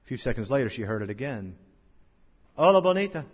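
Preacher in a reverberant hall. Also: male voice, breathy edge. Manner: dramatic preaching, swelling loud on scripture quotes, dropping to hushed lows; slow, drawn-out recitation of King James verses. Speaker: pastor. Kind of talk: sermon. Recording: long church-hall reverb.

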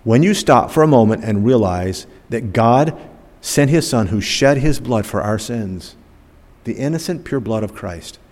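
An older man preaching a sermon, rising emphatic and dropping to soft, slow phrase endings. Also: medium pitch, expressive. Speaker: pastor. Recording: long hall reverb.

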